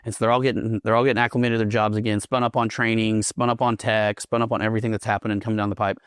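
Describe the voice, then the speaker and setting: A man's voice: lowish voice, little pitch movement, racing, clean tone, no echo, clean studio sound. A man who is a Marine veteran, a guest in a casual interview, telling stories with plenty of swearing and laughter. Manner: profane, laughs through his stories.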